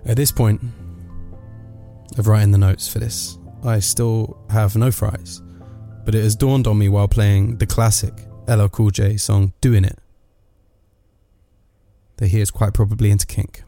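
A man's voice: on the low side, little pitch movement, a little slow, mellow, faint music behind. A man, delivering a sardonic, rambling comic monologue full of asides.

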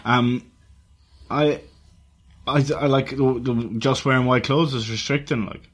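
A man's voice: medium pitch, steady tone, unhurried. A young man on a podcast, bantering bluntly and swearing often. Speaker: podcast co-host. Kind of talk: casual podcast chat.

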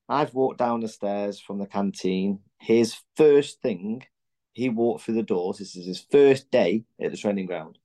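A man's voice: fairly low pitch, dark tone. Blunt, sweary man telling stories. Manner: candid, blunt, sweary storytelling with many restarts. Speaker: podcast guest, former footballer. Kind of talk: casual chat.

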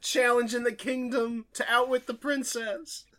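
A man's voice: very high-pitched, little pitch movement, a little slow, crowd noise. A man co-hosting a podcast, chatting casually and making playful, jokey comments. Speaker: podcast co-host. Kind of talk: casual chat, joking commentary.

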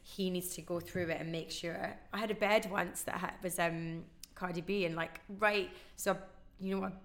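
A woman, a radio DJ, telling stories fast in casual chat and acting out the people she quotes. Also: lowish voice. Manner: fast, animated storytelling with acted-out quotes. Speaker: radio DJ guest.

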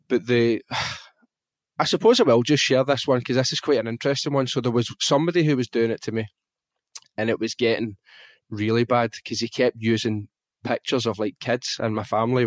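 Here's a podcast guest from Glasgow with a mid-range voice, captured in a dry recording. Animated and blunt, he shares something personal in relaxed conversation, dropping swear words freely along the way.

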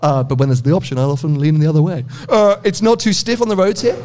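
A man's voice: a little high, fast talker, darkish tone, a little hiss or hum. A British man hosting a podcast, chatting with car owners, teasing and laughing often. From United Kingdom. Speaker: podcast host. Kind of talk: casual interview at a car meet.

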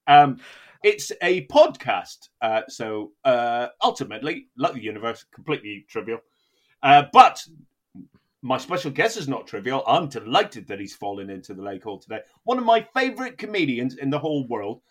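Lively sweary man joking around. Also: mid-range voice, normal speed. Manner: sweary, animated, mock-outraged joking. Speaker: comedy podcast host. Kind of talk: casual comedic chat.

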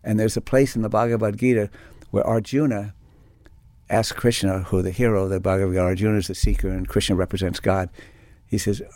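Low-voiced reflective spiritual teacher. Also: male voice, steady tone, a little fast, a little mellow, no room sound. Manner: reflective, rambling, with restarts and fillers. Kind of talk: spiritual talk with personal stories.

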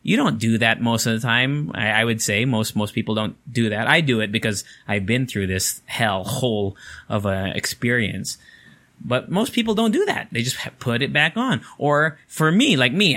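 A man's voice: medium pitch, expressive, normal speed, sharp tone. A young man, telling a story in casual, rambling talk full of swearing and fillers.

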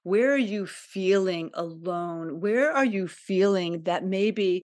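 A woman's voice: on the low side, takes it slowly, a little mellow. Candid, emotional woman podcast host. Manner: candid, emotional, repetitive, confiding. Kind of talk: personal monologue podcast.

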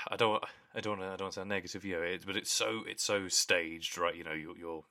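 Deep bright-toned male podcast co-host. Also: steady tone, fast talker. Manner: earnest, apologetic, thoughtful. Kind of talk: casual chat.

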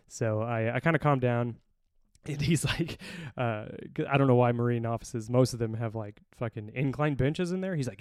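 A man's voice: mid-range voice, fast, no room sound. A man in his thirties, a Navy recruiter, telling a story casually, swearing often and acting out the lines of everyone in it. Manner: profane, animated storytelling with voiced quotes. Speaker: podcast host.

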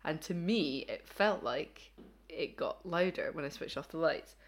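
A woman's voice: low-pitched, animated, measured pace, a little hiss or hum. A woman co-hosting a podcast, chatting in a rambling way and laughing easily. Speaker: podcast co-host. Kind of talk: casual chat.

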